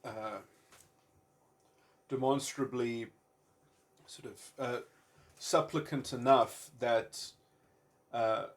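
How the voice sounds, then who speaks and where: A man's voice: medium pitch, fairly even intonation. Male commentator in a mid-range voice, solo musing, hesitant and stop-start, wordy and abstract. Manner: halting, searching for words, many fillers and repeated starts. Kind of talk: unscripted philosophical monologue.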